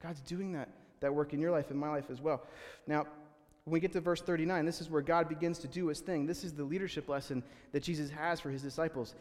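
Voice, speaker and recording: A man preaching in a large, echoing hall, his voice sitting a little higher than most men's. He talks to the congregation in a loose, conversational way, stumbling and restarting, and slips into little acted-out quotes. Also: steady tone, fast, hardly any pauses, a little mellow. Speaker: pastor. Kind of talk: sermon.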